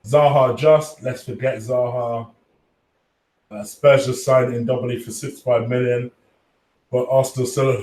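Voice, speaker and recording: A man's voice: medium pitch, steady tone, measured pace, far from the mic. Man, casual live stream host, swearing, chatty, echoey room, a bit off-mic. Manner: swearing, chatty, shouting out viewers. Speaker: fan channel host reading live chat.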